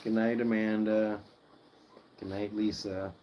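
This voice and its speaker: Sleepy livestream host, unhurried, softly cooing to his pets, faint hiss behind. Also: fairly low pitch, little pitch movement, rough recording. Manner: soft-spoken, cooing to his guinea pigs. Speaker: pet channel host. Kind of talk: late-night livestream chat. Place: home at night, indoors.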